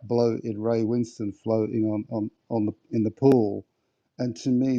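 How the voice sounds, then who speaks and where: An English man on a podcast panel, calmly explaining his own theory in casual discussion. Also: medium pitch, vocal fry, muffled recording. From England.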